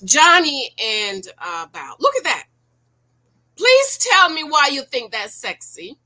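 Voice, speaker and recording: A woman in her forties talks straight to her viewers, firing rhetorical questions and preaching her opinions. Her voice is bright and sits a little high. She sounds casual and animated throughout. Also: takes it slowly. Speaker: YouTube commentator. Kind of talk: casual reaction commentary.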